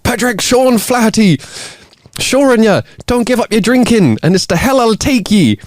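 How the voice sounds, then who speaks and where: A man's voice: fairly low pitch, steady tone, moderate pace, a little mellow, clean tone, no room sound, lightly acted. A man voicing a furious Irish wife dressed as the devil, shrieking and scolding with a put-on Irish accent. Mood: screaming.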